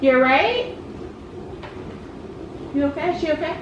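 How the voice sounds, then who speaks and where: Speaking a little slowly in a high, sing-song voice, a young mother of triplets vlogs from her kitchen, addressing the camera and cajoling her little ones with baby talk. The sound is roomy and lo-fi, and the background is noisy.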